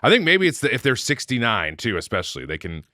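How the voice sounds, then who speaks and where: A man's voice: mid-range voice, wildly swooping pitch, quick pace, sharp tone, no room sound, studio quality. A man co-hosting a podcast in casual, crude, joking chat. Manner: jokey, self-described jester, crude humor. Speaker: podcast co-host.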